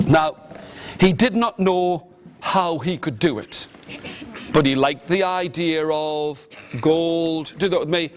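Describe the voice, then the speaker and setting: A man tells a fairy tale to a young audience, leaning on rhythmic repeated phrases and inviting the listeners to say lines with him. His voice sits high for a man and he takes his time. Faint noise hums underneath. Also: slow pace. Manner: animated, rhythmic repetition, coaxing the audience. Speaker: storyteller. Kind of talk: interactive storytelling to children.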